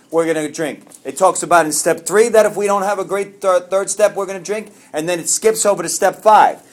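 Man, recovery meeting talk, animated storytelling, loud bursts then hushed asides, slightly high voice. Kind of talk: sharing a personal story.

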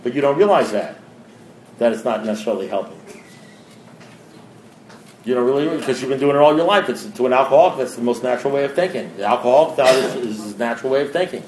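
A man's voice: mid-range voice, lively intonation, fast talker, long pauses, darkish tone. A man speaking to a recovery group in a blunt, plain-spoken way, often asking his listeners direct questions. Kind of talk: informal talk to a group. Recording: echoey room with faint background noise.

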